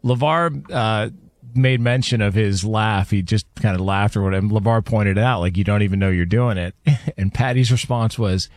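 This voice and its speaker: A man's voice: fairly low pitch, darkish tone, no echo. A man hosting a sports radio show, setting up segments and reading a sponsor ad. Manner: upbeat, brisk host delivery. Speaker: radio host.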